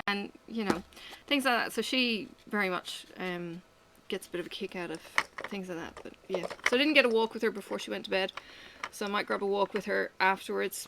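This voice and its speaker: Middle-aged aussie woman rambling to camera while she works, bright voice, swears a lot. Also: medium pitch, a little hiss or hum. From Australia. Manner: rambling, candid, swears freely. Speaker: vlogger. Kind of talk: casual chat while working.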